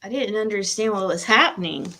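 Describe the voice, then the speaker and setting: A woman's voice: mid-range voice, lively intonation, a little fast, bright, forceful tone. A woman doing a casual tarot-reading livestream at home, emotional and nervous, laughing between readings and talking to her pet.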